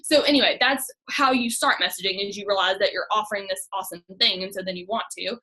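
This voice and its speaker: Bright, chatty young woman. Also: mid-range voice, fast talker. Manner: chatty and upbeat, filler-heavy with lots of "like". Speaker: direct sales team leader. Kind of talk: casual coaching talk.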